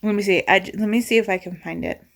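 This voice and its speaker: A woman chatting casually to camera in a reading vlog, rambling and excitable with lots of restarts. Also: medium pitch, fast talker. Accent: Southern US. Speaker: reading vlogger.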